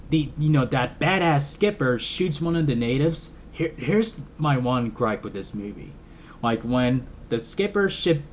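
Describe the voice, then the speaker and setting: A man chats through a film review in a loose, rambling way, stumbling over repeated words and breaking into laughs. His voice sits at an ordinary middle pitch, relaxed and unscripted. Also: slight background noise. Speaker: movie reviewer. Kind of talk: casual film review vlog.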